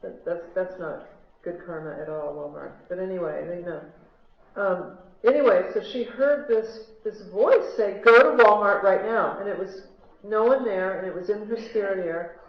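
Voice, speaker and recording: A woman's voice: fairly low pitch, moderate pace. A woman giving a live spiritual talk to an audience, telling stories and asking the crowd questions. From United States. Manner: chatty, asks the audience questions. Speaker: spiritual speaker. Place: large hall with a live audience. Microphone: recorded from the audience on a handheld MP3 player. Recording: lo-fi echoey hall recording from the audience.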